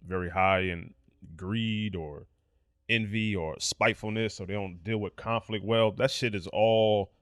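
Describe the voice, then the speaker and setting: A man's voice: fairly low pitch, steady tone, unhurried, dry recording, studio quality. A man co-hosting a casual podcast chat, talking in a slangy, blunt way and swearing freely. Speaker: podcast co-host.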